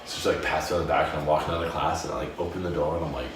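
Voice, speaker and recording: A man's voice: rumbling low, rapid-fire, faint music behind. A young man co-hosting a casual podcast, telling stories and acting out the voices of the people in them. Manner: animated, acts out quotes in shifting voices. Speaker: podcast co-host. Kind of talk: casual storytelling chat. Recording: echoey room, mic at a distance.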